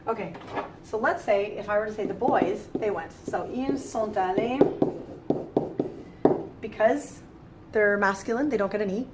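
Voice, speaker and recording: A woman's voice: medium pitch, moderate pace, heavy background noise. A young woman teaching French grammar in a casual tutorial, playful and exasperated, often acting out silly voices.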